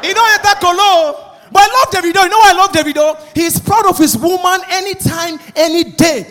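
Play a Nigerian man doing stand-up, high-pitched and lively, acting out the people in his story. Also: brisk. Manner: animated storytelling with mimicked voices. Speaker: stand-up comedian. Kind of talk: stand-up comedy.

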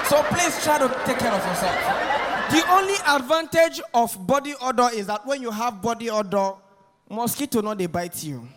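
Man, Nigerian Pidgin accent, stand-up comic, punchy, very high voice, echoey hall. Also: expressive, a little fast, a crowd in the background, background noise. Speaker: stand-up comedian. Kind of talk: stand-up routine. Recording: echoey hall with loud audience laughter.

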